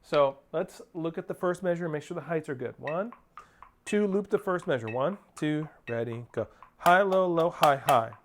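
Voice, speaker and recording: A man's voice: fairly high pitch, lively intonation, normal speed, a little hiss or hum. A male percussion teacher giving a drum lesson, coaching steadily, counting off and singing rhythms as syllables. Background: percussion playing.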